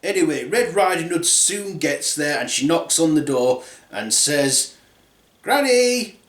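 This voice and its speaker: This storyteller, a man with a fairly high, expressive voice, tells a comic fairy tale at a moderate pace in a casual, crude, rambling way. The recording has a roomy echo.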